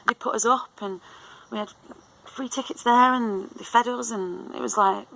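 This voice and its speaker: Woman in her 30s chatting away, bit gravelly, keeps saying um and like. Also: fairly high pitch, fairly even intonation, moderate pace, pushed and bright, rough recording. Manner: rambling, with many fillers, restarts and laughs. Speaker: vlogger. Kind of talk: casual storytelling chat.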